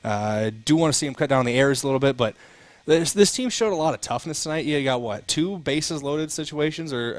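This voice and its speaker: A man's voice: medium pitch, dry recording. A man as color commentator on a local baseball broadcast, joking and giving post-game thoughts. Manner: joking, quick, breathless after running. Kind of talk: local radio sports broadcast.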